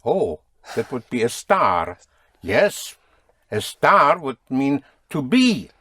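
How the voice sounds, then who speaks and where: A man's voice: mid-range voice, sing-song, takes it slowly, pushed and bright, slightly rough, dry recording, clean studio sound. A man teaching a spoken language lesson, patiently drilling and correcting his students.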